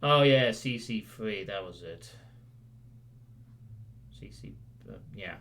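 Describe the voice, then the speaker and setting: A man's voice: fairly low pitch, expressive, slow pace, fairly bright tone, slight background noise. A man hosting his stream, rambling casually and joking as he recaps past events for viewers. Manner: rambling, self-correcting, jokey. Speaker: streamer host.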